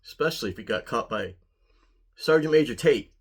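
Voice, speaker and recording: A man's voice: medium pitch, animated, a little fast, vocal fry, husky. A man from Ohio, an army veteran, telling a story in a casual, wry way and chuckling at himself. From Ohio, USA. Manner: wry, dry, chuckling at his own story. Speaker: pipe-smoking vlogger, army veteran.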